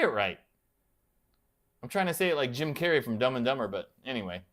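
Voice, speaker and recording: Lively chatty man hosting a livestream. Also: medium pitch, a little fast, long pauses. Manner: chatty, answers viewer comments aloud; self-deprecating and playful. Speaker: livestream host of a guitar channel. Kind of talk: casual live-chat banter.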